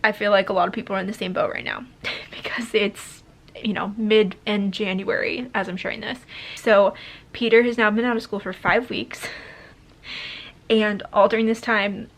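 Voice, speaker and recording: Rambling young mom vlogger, emotional. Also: female voice, medium pitch, fairly even intonation, moderate pace. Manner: rambling, lots of "like" and restarts; emotional, close to tears at times. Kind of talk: candid life update to camera.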